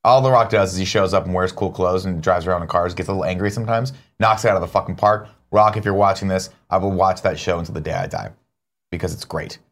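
Brief: male co-host, low voice, animated swearing ranter. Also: fast talker. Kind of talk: casual chat.

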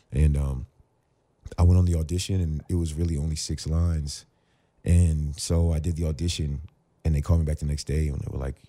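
Low, dark-voiced man telling stories. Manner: animated storyteller who acts out both sides of conversations. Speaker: podcast guest, actor and former pro football player. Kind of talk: casual storytelling interview.

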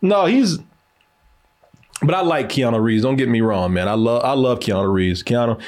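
A male podcast co-host chats casually in a mid-range voice at normal speed. He's animated, laughs a lot, and swears freely.

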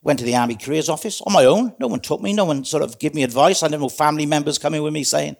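A man's voice: a little high, lively intonation, rapid-fire, gravelly, few pauses. A middle-aged man with a Welsh accent, a guest in an interview, earnestly telling his life story with frequent restarts. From South Wales. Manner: earnest, frank, self-interrupting. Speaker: guest, community safety advisor. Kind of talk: reflective storytelling in conversation.

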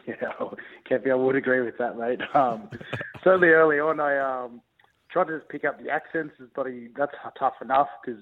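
A young Australian man, a rugby league player, chatting easygoingly in a phone interview, halting with many ums and restarts. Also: mid-range voice, slight background noise. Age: young adult. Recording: tinny phone line.

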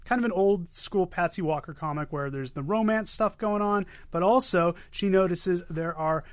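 A man co-hosting a podcast, giving quick, joking, enthusiastic comic recaps into a close mic. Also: sits high, no echo. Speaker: podcast co-host. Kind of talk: casual chat about comics.

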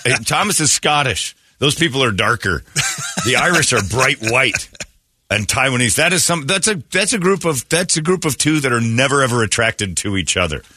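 Loud jokey male radio host. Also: medium pitch, animated, moderate pace, breathy edge, no room sound. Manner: loud, jokey and irreverent, swings into put-on quote voices. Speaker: radio morning show host. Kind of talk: casual radio banter. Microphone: studio microphone. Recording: dry radio studio.

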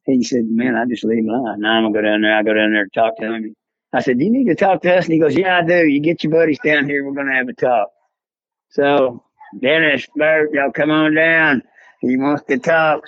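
A man's voice: medium pitch, no room sound. A man with a Texan accent telling a long folksy story in a casual interview, acting out the voices of the people in it. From South Texas. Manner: folksy, drawling yarn-spinner who acts out quoted dialogue. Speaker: podcast guest, former poacher. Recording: dull, lo-fi podcast sound.

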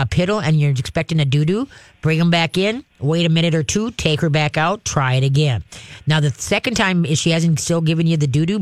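On his call-in radio show about dogs, a male dog trainer with a voice on the high side gives chatty, folksy advice. He keeps checking in with "okay?" and "all right?" The recording has no room sound.

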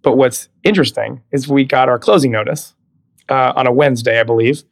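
A man in his thirties, a podcast guest, telling career stories in a lively, animated way. He laughs easily and slips into the voices of the people he quotes, with a mid-range voice. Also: medium pitch, brisk, creaky. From California. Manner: animated storyteller, laughs often, acts out quoted dialogue. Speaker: guest, Broadway actor. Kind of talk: casual interview chat.

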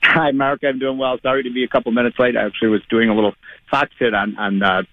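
A man's voice: medium pitch, flat delivery, quick pace, no room sound. A male economist guest talking in an easygoing way, chuckling as he speaks, over a tinny phone line. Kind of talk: phone-in interview.

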